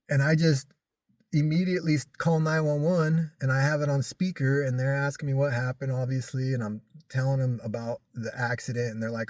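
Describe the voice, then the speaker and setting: A man casually recounting a personal story in halting speech, full of restarts and fillers. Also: medium pitch, fairly even intonation, darkish tone, no echo, clean studio sound. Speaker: vlogger recounting a crash.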